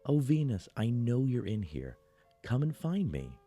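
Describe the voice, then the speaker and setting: A man's voice: mid-range voice, sing-song, unhurried, dark tone, husky, faint music behind, pitched above the performer's own voice, full character voice. A man voicing a creature that mimics a young woman's voice, coaxing and then taunting, in a horror story.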